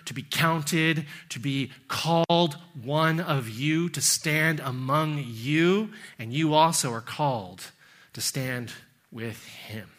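Bright-voiced man preaching a sermon. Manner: emphatic preaching, rising loud on scripture quotes, dropping low and soft at phrase ends. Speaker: pastor. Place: church sanctuary.

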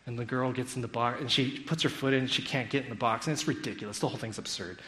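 Animated man telling a story. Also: mid-range voice, quick pace. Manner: acts out quotes, sarcastic. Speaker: speaker critiquing a school curriculum.

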